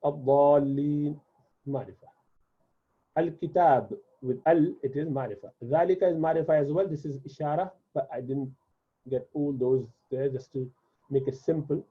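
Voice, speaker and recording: Heard through tinny, phone-like audio, this man speaks quickly in a slightly rough voice on the high side. A native Urdu speaker, he teaches beginner Arabic in a classroom-style explanation, patiently drilling each word through repetition.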